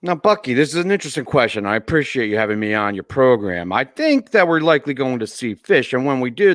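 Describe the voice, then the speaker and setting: A man's voice: medium pitch, a bit bright, no room sound, clean studio sound, natural voice. A man playing a glib, self-promoting male music reporter in a comedy panel sketch. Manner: glib, salesy.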